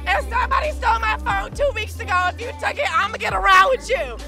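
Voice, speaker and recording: A woman's voice: very high-pitched, fast, creaky. A young woman stopped on the street, talking in a brash, mock-threatening way. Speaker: passer-by interviewee. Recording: outdoors with music behind.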